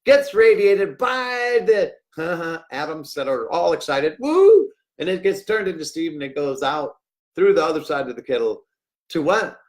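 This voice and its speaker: A middle-aged man hosting a rambling livestream, jokey and swinging between loud outbursts and hushed asides. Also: a little high, moderate pace. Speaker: livestream host.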